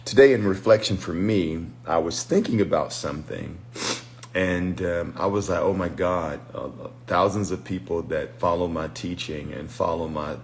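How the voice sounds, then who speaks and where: A preacher and deliverance minister giving a reflective, unhurried livestream teaching, greeting viewers by name as he goes. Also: deep voice, a little hiss or hum. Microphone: phone livestream.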